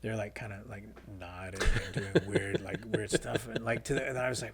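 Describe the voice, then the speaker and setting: A man's voice: on the low side, moderate pace, vocal fry, hardly any pauses, crowd noise. A middle-aged filmmaker, a man, telling stories casually in an interview, with many fillers and quoted dialogue. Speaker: guest filmmaker.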